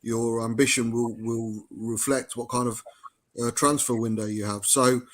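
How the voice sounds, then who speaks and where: A man's voice: medium pitch, little pitch movement, unhurried, a bit bright. A man on a podcast panel talking football in a friendly, casual way. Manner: friendly, calls others "mate".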